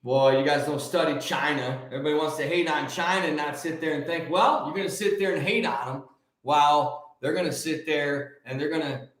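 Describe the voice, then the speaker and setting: A male host giving an emphatic, preachy motivational monologue, stretching key words out slowly. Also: on the high side, fairly bright tone. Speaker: show host. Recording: very echoey room.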